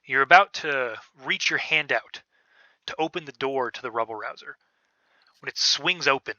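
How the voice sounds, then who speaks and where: Game master, male, bright tense voice, dry dull lo-fi sound, halting casual narration. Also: medium pitch, no echo. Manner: casual, hesitant with many fillers. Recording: dull, lo-fi podcast audio.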